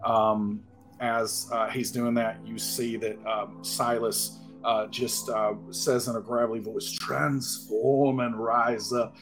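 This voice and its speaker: A man playing in a tabletop game, thinking aloud in a halting way as he works out his move. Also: lowish voice, little pitch movement, a bit bright, faint music behind. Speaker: player. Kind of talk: tabletop role-play.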